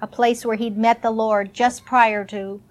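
A woman with a fairly high voice reads a Bible story aloud in an expressive way. She lifts her voice for the characters' lines and breaks off for casual asides to her listeners. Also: a little slow. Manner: expressive reading, voicing characters' lines with raised pitch. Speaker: Bible teacher. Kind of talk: Bible story reading and teaching.

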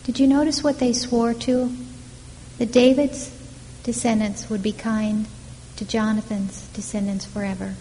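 A woman giving a Bible teaching, retelling the story with lively questions to her listeners. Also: a little high, a little slow. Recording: long hall reverb, faint background noise.

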